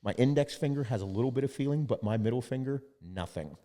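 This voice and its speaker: A man's voice: mid-range voice, lively intonation, fast, warm tone, big-room sound. A man hosting a podcast, telling a story in casual chat and quoting others, with lots of swearing. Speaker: podcast host.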